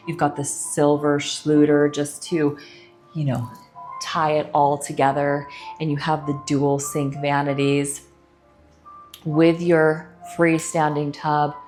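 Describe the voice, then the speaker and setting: A middle-aged woman real estate agent walking through a house on a casual tour, gushing enthusiastically about each room. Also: sits low. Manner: enthusiastic, gushing about features, chatty asides. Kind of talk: casual walkthrough home tour. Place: indoors in a large house.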